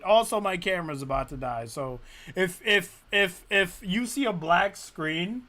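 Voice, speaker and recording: Bright, high-voiced man reacting live. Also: lively intonation, slow pace. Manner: laughs often, repeats himself. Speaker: react streamer. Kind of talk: casual live reaction commentary.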